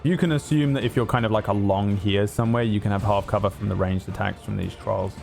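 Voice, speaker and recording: A man's voice: lowish voice, steady tone, fast, gravelly, darkish tone, faint music behind. Man narrating as game master. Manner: vivid descriptive narration with many fillers.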